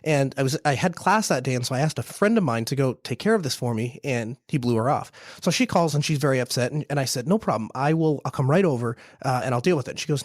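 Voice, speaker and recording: A man's voice: medium pitch, lively intonation, quick pace, few pauses, dry recording, clean studio sound. A man in his thirties, a small business owner, telling a long story in casual conversation, with many restarts and repeated words.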